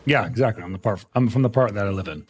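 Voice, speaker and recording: A man's voice: on the low side, very fast, soft background music. A young man streaming a game live, chatting casually and answering viewer questions. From Arizona.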